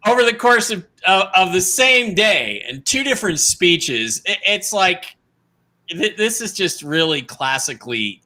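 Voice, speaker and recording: A man's voice: sits high, big pitch swings, unhurried, bright, forceful tone. A man hosting a talk show, profane and sarcastic in an emphatic casual way. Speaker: host.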